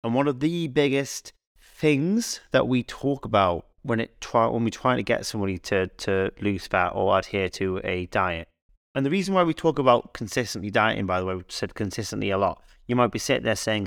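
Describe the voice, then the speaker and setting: Animated, rambling male fitness coach. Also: on the low side, brisk, creaky, no room sound, studio quality. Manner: animated, rambling, anecdotal, frequent restarts. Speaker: fitness coach and podcast co-host. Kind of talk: casual podcast chat.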